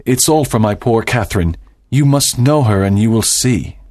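A man's voice: medium pitch, animated, moderate pace, a little mellow, close to an everyday voice. A man voicing a stern, proud doctor and father in a dramatized audiobook, speaking formally and with emphasis.

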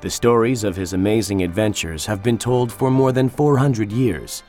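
A man narrates a storybook in a low, calm voice. His delivery is measured and steady, and soft music plays quietly under the reading. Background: faint music.

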